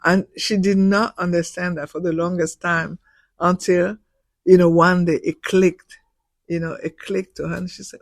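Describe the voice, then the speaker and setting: Speaking at normal speed with a lowish, flat delivery, a professor in her sixties sits as a guest in an indoor radio studio, with no room sound. Her personal stories come with deep emotion; close to tears, she stumbles, restarts, and repeats words.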